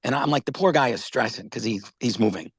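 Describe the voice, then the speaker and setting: A man's voice: medium pitch, fast, slightly rough, no echo. An older man, casually telling rambling stories on a video call and often checking in with "okay?". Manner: rambling storyteller, repeats words, says "okay?" and "all right?" often. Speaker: company founder pitching wellness products.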